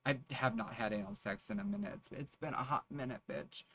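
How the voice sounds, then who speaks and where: A man's voice: mid-range voice, big pitch swings, a little fast. A depressed young man rambling in a self-deprecating, foul-mouthed confessional vlog from city streets. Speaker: vlogger. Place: city streets and bus stop outdoors. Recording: loud street traffic noise. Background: cars and city traffic.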